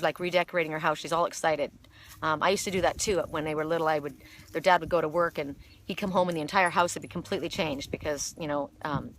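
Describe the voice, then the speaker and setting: A woman's voice: mid-range voice, a bit bright, a little hiss or hum. Middle-aged woman, choked up, rambling heartfelt outdoor vlog talk. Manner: emotional, rambling, many restarts. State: choked up, tearful. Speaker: spiritual oracle vlogger. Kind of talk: casual outdoor vlog monologue. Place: outdoors sitting on a woodchip pile by a park.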